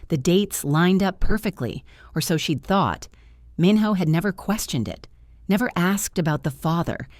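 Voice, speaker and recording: A woman narrates a dramatic romance story in an even, storytelling manner. Her voice is lowish, and the recording is close and completely dry. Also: no room sound.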